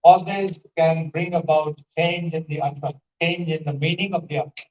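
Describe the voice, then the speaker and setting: A man's voice: on the high side, steady tone, moderate pace, slight background noise. A man lecturing a conference audience on pronunciation, acting out example sentences and putting questions to listeners. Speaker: conference panelist teaching English. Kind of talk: classroom-style lecture with spoken examples. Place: large conference hall. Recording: echoey hall, distant dull mic.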